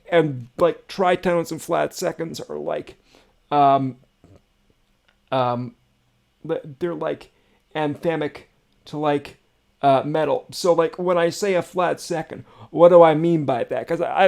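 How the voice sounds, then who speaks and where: Gravelly excitable man reacting to music. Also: fairly high pitch. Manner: excitable, swearing, filler-heavy chatter. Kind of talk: casual reaction commentary.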